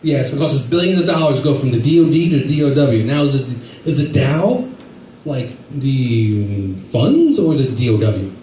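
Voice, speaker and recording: A man's voice: mid-range voice, animated, moderate pace, mellow, roomy sound, recorded from a distance, slight background noise, low-quality recording. A middle-aged man doing a rambling, self-deprecating stand-up set, acting out quotes along the way. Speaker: stand-up comedian.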